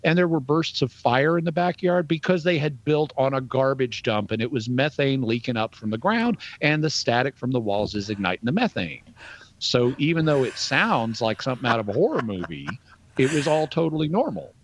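A man's voice: medium pitch, lively intonation, normal speed, dry recording. A man who is a radio show guest, telling a story in a casual way with chuckles and restarts.

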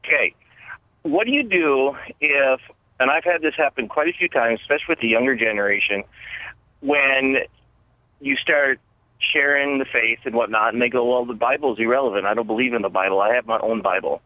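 A man's voice: mid-range voice, brisk, no room sound. A man phoning in to a radio show, his voice coming through a tinny, dry phone line. He asks his question in an earnest, plainspoken way. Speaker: caller.

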